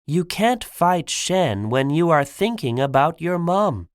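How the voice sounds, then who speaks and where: A man's voice: fairly high pitch, big pitch swings, slow pace, smooth, no room sound, studio quality, pitched above the performer's own voice. A man reading an audiobook for learners, voicing a stern female tiger warrior who speaks firmly and commandingly.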